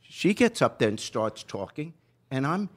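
A man's voice: medium pitch, a little slow. An older man, a podcast host, telling a family story in casual chat and acting out the quotes. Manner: animated storyteller, acts out quotes.

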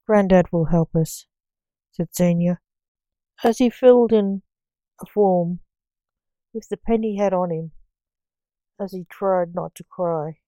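A woman narrating a story in a measured, steady reading voice. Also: on the low side, smooth, no echo.

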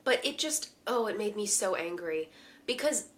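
A young woman in casual chat, narrating plot points with a dreamy, descriptive touch. Her voice sits at a middle pitch for a woman. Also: animated, normal speed, a bit bright. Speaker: podcast co-host. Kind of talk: casual chat recapping a TV episode.

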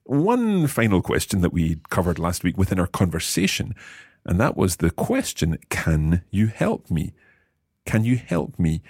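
Deep-voiced man teaching, patient. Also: very animated, a little mellow, breathy edge, no echo, clean studio sound. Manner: patient, encouraging, slows down to repeat phrases. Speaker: language course host. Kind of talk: teaching Italian phrases.

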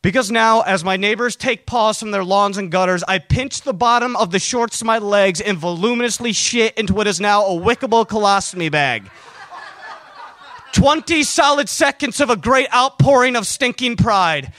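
A middle-aged man telling a comic story about himself, swinging between bitter muttering and shouted bravado. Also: sits high, normal speed, dry recording. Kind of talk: live comedic storytelling.

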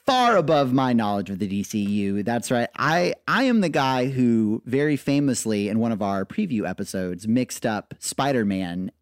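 A man's voice: mid-range voice, normal speed, few pauses, no echo. Dad podcast host guy, bouncy up-and-down voice, dry close sound, jokey. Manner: joking, animated storytelling. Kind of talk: casual chat.

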